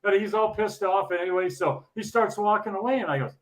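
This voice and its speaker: A man's voice: high-pitched, a little fast. Laughing man telling bowling stories. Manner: laughs often, repeats words while telling stories. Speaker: retired bowling pro guest. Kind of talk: casual storytelling chat.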